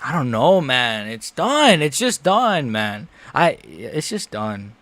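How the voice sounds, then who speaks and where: A young man reacting live to a fight he is watching, frustrated and ranting, dropping to mutters and rising to yells. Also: medium pitch, very animated, slow, no echo. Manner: frustrated, swings between muttering and yelling.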